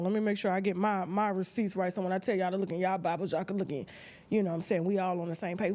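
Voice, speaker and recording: A woman with a high-pitched voice hosts a gossip show, chatting straight to her viewers. Her delivery is sassy and loose, full of asides as she comments on the latest rumors.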